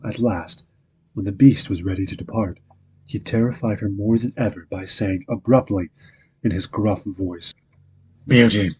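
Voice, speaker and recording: A man reading a fairy tale aloud as a calm, measured bedtime story narrator. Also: on the low side, breathy edge.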